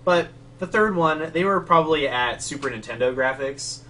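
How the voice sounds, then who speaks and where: A man's voice: fairly high pitch, animated, normal speed, pushed and bright, slight background noise. A man co-hosting a casual chat, rambling with many fillers. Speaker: podcast co-host. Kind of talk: casual chat between matches. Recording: distant mic with faint ambience.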